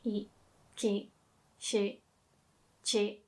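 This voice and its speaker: A woman teaching pronunciation, speaking slowly and carefully and demonstrating sounds for the listener to repeat. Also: mid-range voice, little pitch movement, warm tone. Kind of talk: pronunciation lesson.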